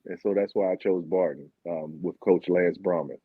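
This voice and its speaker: A man from Baltimore telling his story as a guest, animated and sometimes acting out what others said. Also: low-pitched, moderate pace, husky, no echo. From Baltimore, Maryland, USA. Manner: animated, acts out quotes of teammates. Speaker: guest, former Olympic sprinter. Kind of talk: candid conversational storytelling. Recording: dull lo-fi sound.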